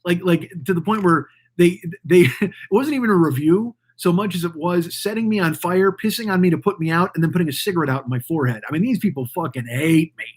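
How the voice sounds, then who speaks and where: Man, podcast host, high husky voice, profane rambling rant. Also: fast talker. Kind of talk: casual ranting monologue.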